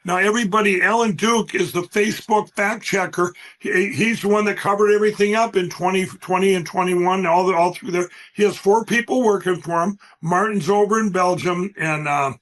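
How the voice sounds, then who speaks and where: High-pitched rambling man, emphatic storyteller. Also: fairly even intonation, normal speed, few pauses, fairly bright tone. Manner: rambling, emphatic, acts out quoted voices. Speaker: guest. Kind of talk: animated interview storytelling.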